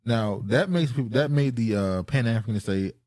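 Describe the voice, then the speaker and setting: A man hosting a casual podcast chat. He laughs often and his voice jumps up when he gets excited. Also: medium pitch, fairly quick. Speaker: podcast host.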